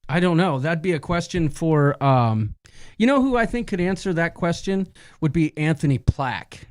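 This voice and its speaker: A man's voice: a little high, expressive, normal speed. A man co-hosting a casual live-stream chat in a jokey, chatty way. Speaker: co-host.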